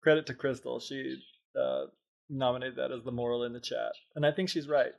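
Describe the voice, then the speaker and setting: A man's voice: medium pitch, fairly even intonation, a little fast, gravelly. A man co-hosting a live stream, chiming in with dry, amused remarks. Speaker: podcast co-host. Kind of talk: casual chat on a live stream.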